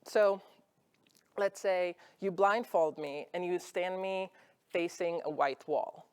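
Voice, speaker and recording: A woman's voice: on the low side, takes it slowly, clear, resonant tone. A woman speaking on stage at an industry event, giving a conversational motivational talk and acting out her own thoughts as examples. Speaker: conference speaker.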